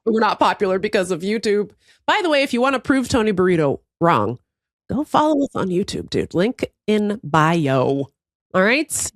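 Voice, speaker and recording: A woman's voice: mid-range voice, dry recording, studio quality. An American woman co-hosting a podcast, telling a story with lots of swearing and laughter. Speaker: podcast co-host. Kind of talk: casual chat.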